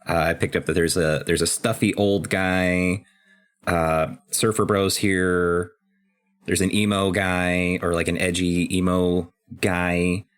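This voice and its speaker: A man co-hosting a podcast, casually recapping and discussing a video game in a relaxed, chatty way. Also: deep voice, slow pace, clear, resonant tone. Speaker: podcast co-host.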